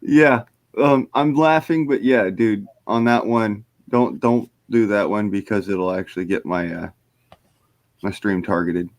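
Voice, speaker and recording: A man's voice: fairly low pitch, measured pace, no echo. Laid-back man hosting a stream, dry sound. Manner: laid-back, swears casually. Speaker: streamer host. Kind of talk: casual chat.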